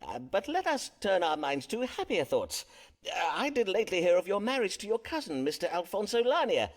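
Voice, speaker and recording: Elizabethan doctor-astrologer, courteous, tactful, archaic phrasing, higher voice, lively swooping pitch, video game character. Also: male voice, brisk. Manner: archaic formal speech, polite and tactful.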